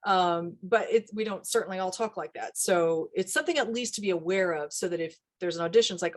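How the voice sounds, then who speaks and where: A middle-aged woman, a dialect coach, talking casually in an interview with lively asides. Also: lowish voice. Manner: animated, quick asides, laughs often.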